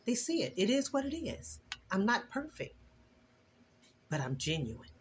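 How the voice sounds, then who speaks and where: An older woman and grandmother sharing an earnest, emotional Christian testimony in a casual vlog, with a preachy, expressive delivery. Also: a little slow, a little hiss or hum. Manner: earnest, preachy and emotional, with lively swings in pitch. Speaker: vlogger.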